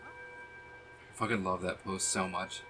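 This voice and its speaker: A man's voice: low-pitched, sing-song, slow pace, over music. A man streaming a video game, chatting casually as he plays, thinking aloud and swearing freely. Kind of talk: casual gameplay commentary.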